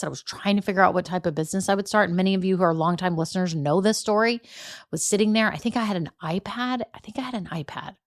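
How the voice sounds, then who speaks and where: A middle-aged woman with a Southern American accent, from Texas, hosting a motivational solo podcast in a chatty, encouraging way. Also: mid-range voice. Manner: chatty, encouraging, says y'all and right. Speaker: podcast host.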